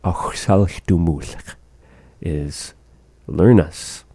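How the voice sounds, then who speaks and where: Low slow guy leading a language lesson, repeats words carefully, mellow and dry. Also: slightly rough, no room sound. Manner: careful, repeats phrases slowly for learners. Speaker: language teacher.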